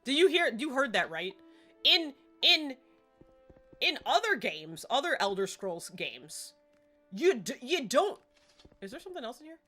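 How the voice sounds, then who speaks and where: A woman's voice: high voice, sing-song, a little slow, long pauses, sharp tone, faint music behind. A woman livestreaming a game at home, chatty and self-deprecating in casual gameplay commentary.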